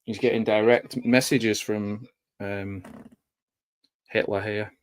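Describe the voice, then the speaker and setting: A man's voice: fairly low pitch, flat delivery, slow, slight background noise. A man giving a casual, joking live commentary over a film, chatty and wry with plenty of fillers. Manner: chatty and wry, with dry jokes and frequent fillers.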